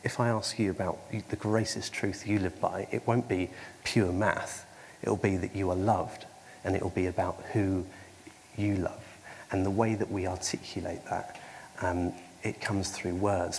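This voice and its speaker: A man with a low, slightly mellow voice preaches a sermon hesitantly, full of ums and restarts and wry, self-mocking humour. The recording carries long hall reverb and faint background noise.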